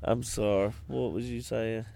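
A man's voice: mid-range voice, fairly even intonation, unhurried, vocal fry, dark tone, slight background noise. A man co-hosting a podcast, chatting casually about movies, giggly and profane, drifting into tangents. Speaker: podcast co-host.

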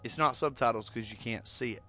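A man's voice: medium pitch, brisk, pushed and bright, soft background music. A young man hosting a casual podcast in a laid-back way, swearing now and then. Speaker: podcast host.

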